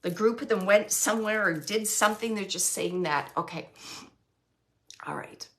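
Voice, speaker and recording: A woman working as a psychic medium, giving an earnest, emotional spirit reading. She laughs often and sometimes drops to a soft hush. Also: mid-range voice, normal speed. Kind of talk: live spirit reading for a sitter.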